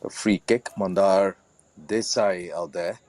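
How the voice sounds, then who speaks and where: Male football co-commentator, lowish voice, earnest and slightly halting live analysis. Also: fairly even intonation, a little mellow, dry recording.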